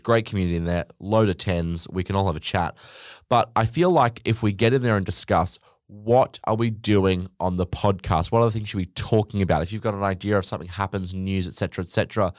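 A man's voice: fairly low pitch, no room sound, clean studio sound. A man hosting a podcast alone, ranting bluntly with plenty of swearing and rambling asides. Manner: blunt, sweary, rambling, mock voices for quoted people. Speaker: podcast host. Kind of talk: casual solo podcast rant.

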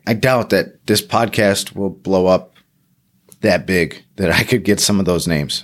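A man hosting his own podcast alone, talking casually and rambling with lots of fillers and self-deprecating asides. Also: lowish voice. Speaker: podcast host. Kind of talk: solo podcast monologue.

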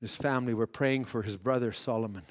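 A man preaching a sermon who swings between shouted peaks and hushed, drawn-out passages, telling stories with quoted voices. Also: mid-range voice, steady tone. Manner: dramatic storytelling with quoted voices.

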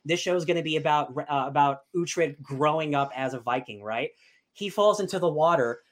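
A young man chatting casually as a podcast host, gushing and excitable with lots of fillers. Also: a little high, normal speed. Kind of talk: casual chat.

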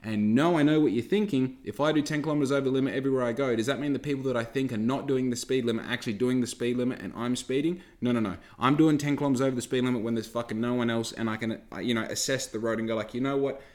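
A man's voice: mid-range voice, rapid-fire, few pauses, darkish tone. A man hosts a podcast and rants at his listeners. He swears freely and talks to the audience directly in a loose, heated tone. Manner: heavy swearing, ranting, talks straight to listeners. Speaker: podcast host. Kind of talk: casual podcast rant.

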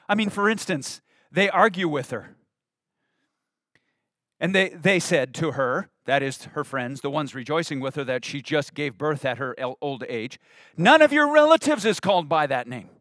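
A male pastor preaching a sermon, expressive, with rising emphasis and humorous asides. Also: medium pitch, dry recording, clean studio sound.

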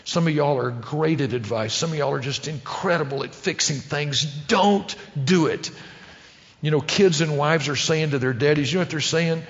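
A man's voice: fairly high pitch, brisk, few pauses. A middle-aged man giving an earnest sermon-style talk to men, telling stories with emphatic repetition. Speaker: speaker addressing men. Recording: dull lo-fi sound with long hall reverb.

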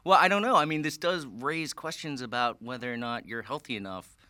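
A man's voice: medium pitch, fairly quick. A man co-hosting a podcast in casual chat, wry and joking, a bit under the weather. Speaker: podcast co-host.

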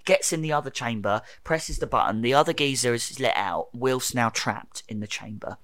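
A man's voice: mid-range voice, moderate pace, a bit bright, dry recording. A young man ranting in casual chat, swearing freely and acting out quotes.

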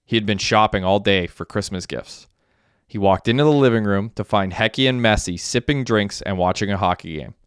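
A man narrating an audiobook in a steady, even reading. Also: lowish voice, fairly quick, clean tone, no echo, clean studio sound. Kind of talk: scripted narration.

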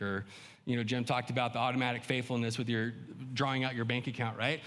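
A male pastor preaches conversationally, often acting out the inner voices of his listeners. His medium-pitched, slightly bright voice moves fast, with long hall reverb in the recording.

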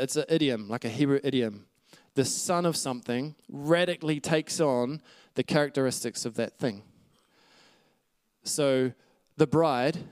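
A man delivers a sermon in a medium-pitched, slightly mellow voice that is clear and resonant, recorded without room sound. Earnest and scripture-focused, he makes asides to the congregation and sometimes laughs lightly.

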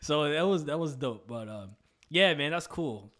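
A man's voice: on the high side, expressive, normal speed, a bit bright. A young adult man hosting a casual podcast chat, laid-back and full of "like" and "you know". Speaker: podcast host.

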